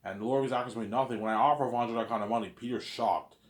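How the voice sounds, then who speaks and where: A man's voice: medium pitch, fairly even intonation, very fast, roomy sound. A man in a casual, rambling monologue, often repeating "you know what I'm saying". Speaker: vlogger.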